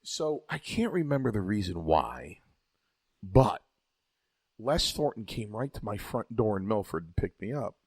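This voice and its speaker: A man's voice: on the low side, big pitch swings, a little slow, a little mellow, breathy edge, no room sound. A man, a former wrestler and podcast co-host, telling a long story in a rambling, profane way with stumbling restarts. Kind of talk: casual storytelling banter.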